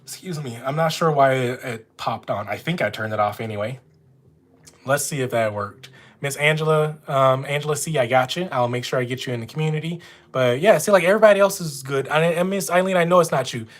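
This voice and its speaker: A man's voice: mid-range voice, fairly quick. A man with a Louisiana accent, chatting casually with viewers on a live stream from home. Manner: chatty, talks straight to viewers. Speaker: notary running a live stream. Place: at home with dogs nearby.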